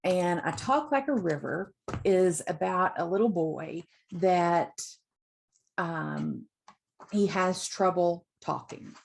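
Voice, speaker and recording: Slow, gravelly woman presenting books. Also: lowish voice, a little hiss or hum. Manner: slow, relaxed retelling with many ums. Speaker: literacy educator sharing picture books. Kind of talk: informal book talk to teachers.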